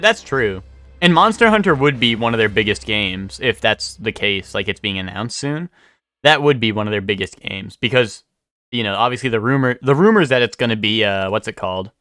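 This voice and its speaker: A man's voice: mid-range voice, animated, fast talker, bright, forceful tone. A young man streaming live, chatting casually and rambling as he answers his chat.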